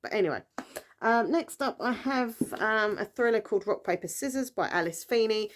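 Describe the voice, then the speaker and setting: A woman's voice: a little high, animated, moderate pace, a little hiss or hum. A British woman chatting casually on her vlog, rambling along with lots of fillers and self-corrections. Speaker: book vlogger. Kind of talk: casual chat.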